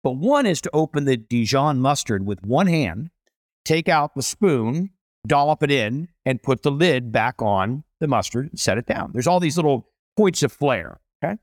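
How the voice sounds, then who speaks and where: A middle-aged man tells stories in an interview, swinging his pitch up and down with big expressive energy. He jumps into voices for the people in his anecdotes. The sound is close and dry, with no room around it. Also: moderate pace, no echo. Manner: animated, acts out voices in stories. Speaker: chef and restaurateur guest. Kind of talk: storytelling interview.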